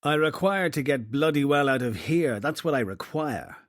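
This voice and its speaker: A man's voice: fairly high pitch, animated, normal speed, warm tone, dry recording, studio quality, lightly acted. A man voicing an irate middle-aged businessman under suspicion, snapping and indignant. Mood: angry.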